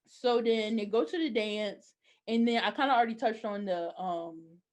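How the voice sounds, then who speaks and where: A young adult woman co-hosting a podcast, chatting casually and giving opinionated, animated recaps full of "like". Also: on the high side, normal speed. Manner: animated, opinionated storytelling with frequent "like". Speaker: podcast co-host. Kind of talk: casual chat recapping a TV episode.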